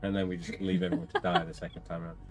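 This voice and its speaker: Low-voiced man joking through a gamebook. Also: racing, soft background music. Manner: relaxed joking banter, reads passages aloud. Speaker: gamebook co-player. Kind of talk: casual gamebook play-through.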